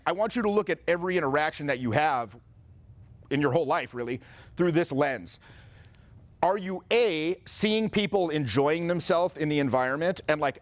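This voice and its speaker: A male social confidence coach in a casual motivational talk. He tells stories and gives advice in an animated way, with frequent swearing. His voice sits a little high for a man. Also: no room sound. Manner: profane, animated storyteller.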